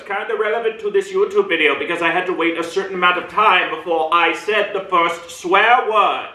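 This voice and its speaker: A man giving a casual movie review to a camera, talking in halting bursts with many fillers and pauses, and swinging his pitch between low and high in play. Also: bright, forceful tone, distant mic. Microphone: camera mic at a distance. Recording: roomy echo, mic set back.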